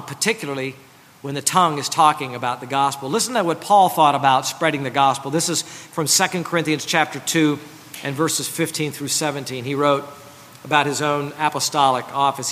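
A man preaching a sermon as pastor, earnest and emphatic, slowing down to stress solemn points. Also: fairly high pitch, sharp tone. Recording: long hall reverb.

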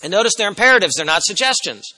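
A man preaching an expository sermon as a pastor, emphatic, swinging from loud stresses to quiet asides. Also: high voice, lively intonation, rapid-fire, in a large hall, low-quality recording.

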